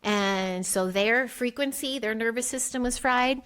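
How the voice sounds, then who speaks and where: Animated woman telling her own story. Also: measured pace, clear, resonant tone. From United States. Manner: animated, acts out quoted dialogue with pitch jumps. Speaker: podcast guest. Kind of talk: candid storytelling in an interview.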